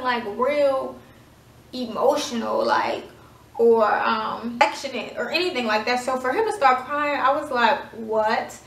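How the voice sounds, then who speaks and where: A woman's voice: high voice, fairly bright tone. A woman in her twenties, chatting dramatically through a casual storytime with lots of fillers. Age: 20s. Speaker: vlogger. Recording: echoey room, voice from far off.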